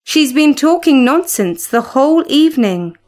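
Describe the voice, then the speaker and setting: A woman's voice: high voice, very animated, unhurried, a little mellow. A woman voicing a dutiful household servant who speaks in a soothing, firm and earnest way.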